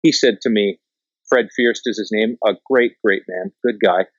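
A man from Canada with a somewhat low voice tells stories in a relaxed, animated way, swearing and acting out quotes. The recording is dry and close, with a slightly muffled, dull tone. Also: normal speed, no room sound. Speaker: documentary filmmaker. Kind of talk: casual storytelling in conversation.

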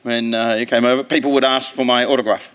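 A man's voice: mid-range voice, level tone, fast, fairly bright tone, clear, resonant tone. An Australian man, a comedian guest telling a rowdy, sweary anecdote on a live podcast stage, laughing as he talks. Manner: rowdy, sweary, laughing through his story. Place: theatre stage before an audience.

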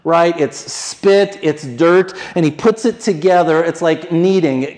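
A man preaching a conversational, animated sermon and acting out the quoted voices. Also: on the high side, a little slow, few pauses, rough recording. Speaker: pastor.

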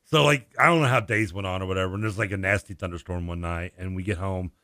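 A man's voice: deep voice, fast talker, no room sound, clean studio sound. A man, co-hosting a sports radio show and telling stories in casual chat, acting out the voices with laughs. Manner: animated storyteller, acts out voices and laughs.

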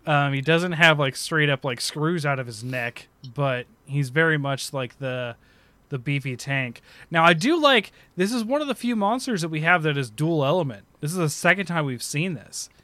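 A man with a bright, forward voice and a fairly high pitch talks loosely in a casual gaming chat, circling back and correcting himself and laughing often. The sound is dry and close, with no room around it. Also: animated, moderate pace, no room sound. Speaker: podcast co-host.

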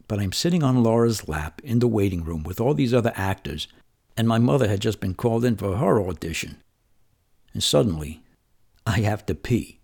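Low, gravelly male storyteller from New York, husky, conversational and wry. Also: darkish tone. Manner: conversational, vivid, wry retelling of childhood. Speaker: memoir storyteller. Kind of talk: personal storytelling monologue.

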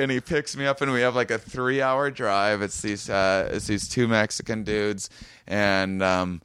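A man's voice: mid-range voice, level tone, normal speed, fairly bright tone, clean tone, no room sound. Male comedian telling a rambling anecdote: clean, resonant voice, dead-dry room, lots of restarts. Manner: rambling, stammering restarts, acts out quoted voices. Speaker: comedian guest. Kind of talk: casual storytelling chat. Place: small home room.

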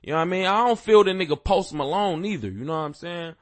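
A man hosts a podcast in a high-sitting, animated voice, talking fast on a dry recording with no echo. His casual rant rambles with fillers and heavy profanity, and it grows more heated as he goes.

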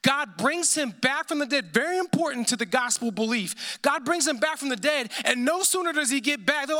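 A pastor delivering a sermon, emphatic and repeating phrases, often dropping to a hushed, intense tone. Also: male voice, very high voice, expressive, brisk, few pauses.

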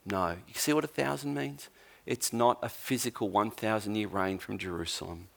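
A man's voice: fairly low pitch, moderate pace, vocal fry. A man preaching a sermon as a pastor, telling a Bible story with humour and acting out the lines of its characters. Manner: animated storyteller, acts out quotes.

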